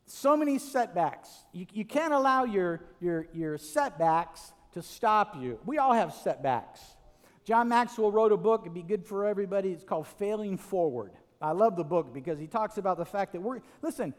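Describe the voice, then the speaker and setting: A male preacher giving a lively sermon, telling stories with restarts and frequent "right?" asides. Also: high-pitched, moderate pace, in a large hall. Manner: animated storytelling with many restarts and "right?" asides.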